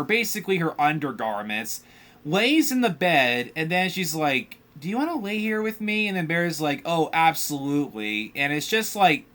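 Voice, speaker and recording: Bright-voiced man rambling through a film recap. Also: fairly high pitch. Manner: rambling, filler-heavy storytelling, animated retelling of scenes. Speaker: podcast host.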